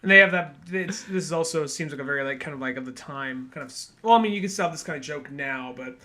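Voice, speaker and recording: A man's voice: on the high side, quick pace, bright, forceful tone, a little hiss or hum. A man co-hosting a casual movie review podcast, rambling and slipping into goofy character voices. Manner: rambling, acts out film characters in silly voices. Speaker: podcast co-host.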